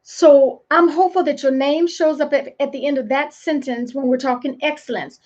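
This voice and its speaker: Speaking as a leadership coach at a live motivational event, a woman with a high voice preaches emphatically and leans on repeated phrases. She keeps a steady, slightly mellow tone at normal speed, in dull, lo-fi audio.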